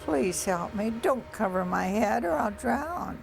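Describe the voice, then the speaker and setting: A woman's voice: on the high side, lively intonation, a little slow, vocal fry, soft background music, pitched above the performer's own voice, poor audio. A woman doing a selfish little storybook chick. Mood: pleading. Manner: grumbling, then pleading. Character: selfish one-legged little male chick.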